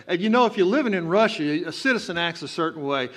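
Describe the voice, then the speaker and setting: A man's voice: sits high, animated, fast talker, few pauses, fairly bright tone. A man with a Texan accent, preaching a sermon as pastor and breaking into emphatic, rising outbursts. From Texas. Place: church sanctuary.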